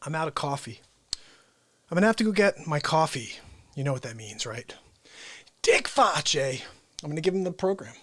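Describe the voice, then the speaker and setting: A man's voice: on the high side, expressive, moderate pace, pauses often. A man hosting a live variety show, chatting casually and joking at his own expense while out of breath. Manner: playful, self-mocking, upbeat. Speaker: host.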